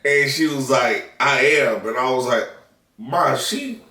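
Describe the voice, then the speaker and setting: Speaking in an unhurried, sharp, medium-pitched voice, a vlogger and new father from the American South tells a story during a casual vlog chat. He laughs and curses freely. The recording has an echoey room and a far-off mic.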